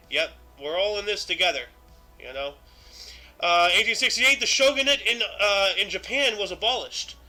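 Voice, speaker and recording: Bright-voiced man hosting a casual history stream. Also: high-pitched. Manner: reads dates aloud then adds offhand asides, many fillers. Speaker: show host. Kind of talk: casual history livestream commentary.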